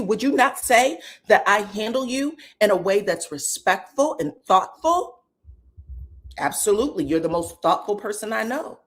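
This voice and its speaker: A woman commenting casually on a reality show, acting out the cast's lines in sudden, sharply higher voices. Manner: animated, acts out quotes from the show with big pitch jumps.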